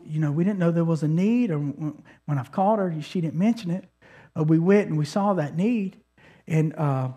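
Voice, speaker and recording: A man's voice: fairly high pitch, mellow, slightly rough. A male pastor preaching a sermon in a conversational, storytelling way, often restarting his sentences and calling on the congregation to respond.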